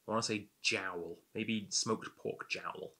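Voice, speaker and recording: A man with a rather low but bright, forward voice hosts a casual whisky tasting. He talks to the camera in a loose, rambling, self-amused way. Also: fairly even intonation, slow, vocal fry.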